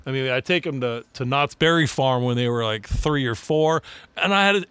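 A man telling lively, profane stories in casual chat, acting out quotes. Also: mid-range voice, moderate pace, smooth, no echo. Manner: animated, profane storytelling with acted-out quotes.

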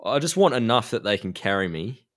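A man chatting on a podcast, cracking deadpan jokes and chuckling. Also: fairly low pitch, brisk. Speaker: podcast co-host. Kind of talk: casual podcast banter.

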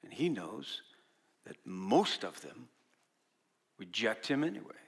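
A man's voice: lowish voice, big pitch swings, slow, creaky, husky. A man preaching a sermon as a pastor, talking conversationally and quizzing his congregation. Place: church service.

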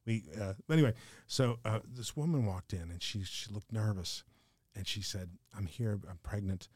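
An older man, a podcast guest telling stories quickly, acting out the dialogue. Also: on the low side, no room sound, studio quality. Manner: fast, animated storyteller who acts out quoted dialogue. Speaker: podcast guest, financial advisor. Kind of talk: emotional storytelling in conversation.

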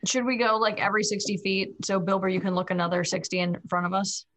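A woman playing a tabletop game on a stream, quick and playful, bossing her party along. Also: mid-range voice, flat delivery, a bit bright. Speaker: player. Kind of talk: casual tabletop play on a stream.

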